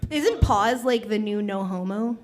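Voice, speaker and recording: A woman's voice: medium pitch, a little slow, darkish tone. A young woman hosting an open mic comedy night, chatty and teasing the crowd between acts. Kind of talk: live stand-up hosting. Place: small comedy stage.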